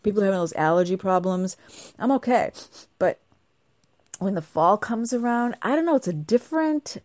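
A woman's voice: mid-range voice, animated, normal speed, darkish tone, no room sound. A middle-aged woman chatting casually to camera at home, bubbly and rambling, her voice a little nasal from a congested cold. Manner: bubbly, chatty, wandering asides. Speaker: vlogger.

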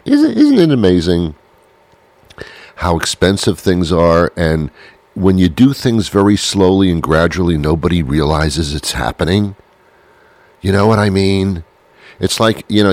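A man with a very deep, low voice hosts a comedy show. He rambles through his monologue, teasing himself and circling back on his jokes. The sound is dry and close, with no room echo. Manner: playful, self-mocking, rambling with restarts.

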